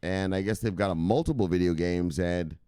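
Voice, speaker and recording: A man's voice: low voice, a little fast, mellow, clean tone, no echo, studio quality. A man hosting a crypto news livestream in a loose, rambling way, swearing freely and barking out catchphrase sign-offs. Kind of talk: casual livestream chat.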